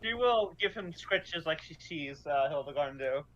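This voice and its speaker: Bright-voiced man playing a tabletop game. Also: fairly high pitch, lively intonation, normal speed, slight background noise. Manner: laughing, playful, talks in character. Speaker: player. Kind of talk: casual tabletop role-play. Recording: dull lo-fi mic.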